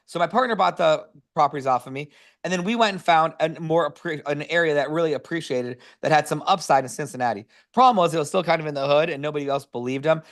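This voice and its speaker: A man presents over a video call in a loose, energetic storytelling style. He leans on fillers and restarts as he rambles through his points. His voice sits a little on the higher side. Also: fast. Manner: energetic, filler-heavy, says "like" constantly. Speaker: real estate investor presenting a webinar.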